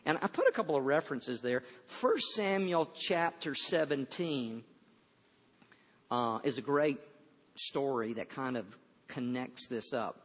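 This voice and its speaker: A man's voice: medium pitch, expressive, a little slow, in a large hall, dull audio. A man preaching a sermon to a room of listeners, telling a story conversationally with many stammers and restarts.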